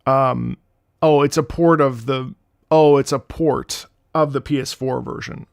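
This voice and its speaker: Man, late thirties, streamer, gravelly, casual rambling chat, jumps between topics. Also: mid-range voice, measured pace, no room sound, studio quality. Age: late 30s. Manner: excitable, swears freely, jumps between topics. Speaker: streamer reacting to game music.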